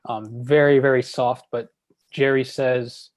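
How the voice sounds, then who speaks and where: A man's voice: medium pitch, fairly even intonation, moderate pace, darkish tone, no echo. A man guest on a podcast, rambling casually through trivia with many fillers. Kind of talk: casual chat.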